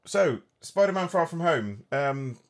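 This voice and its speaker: A man's voice: on the high side, lively intonation, measured pace, noisy background. A man hosting a casual film review chat, rambling and restarting his sentences as he talks. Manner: chatty, rambling, frequent restarts. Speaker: film podcast host.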